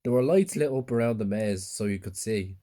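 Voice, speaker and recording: A man's voice: fairly low pitch, fairly quick, warm tone. A man narrating a horror story in a subdued, plain storytelling way.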